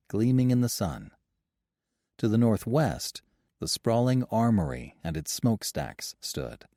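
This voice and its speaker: A man narrating an audiobook in an even storytelling delivery. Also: low-pitched, no room sound, clean studio sound. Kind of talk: scripted narration.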